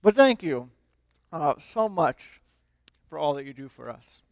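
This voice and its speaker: A lead minister preaching a sermon in a conversational way, with frequent fillers and restarts, and reading scripture aloud. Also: male voice, fairly high pitch, sing-song, a little slow, vocal fry, no room sound.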